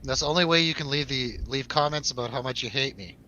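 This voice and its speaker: A man's voice: medium pitch, quick pace, bright, forceful tone, highs cut off, slight background noise. A man co-hosting a casual film review show, joking and laughing as he chats over drinks. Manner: laughs often, jokey asides to viewers.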